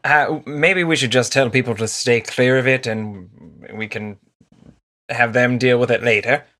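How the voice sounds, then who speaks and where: Easygoing guy playing d&d, slow talker, bright voice. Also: mid-range voice. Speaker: player. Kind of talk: casual tabletop play.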